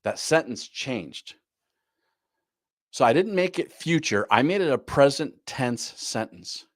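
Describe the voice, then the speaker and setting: A man's voice: medium pitch, animated, slow, dry recording, clean studio sound. A man teaching a live online class on goal planning, repeating his key points and often asking "right?". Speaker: business coach.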